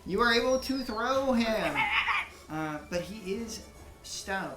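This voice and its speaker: A woman's voice: a little high, lively intonation, takes it slowly, over loud music. Giggly woman game master, echoey room. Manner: giggly, rambling narration with many restarts. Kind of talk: narrating a tabletop game.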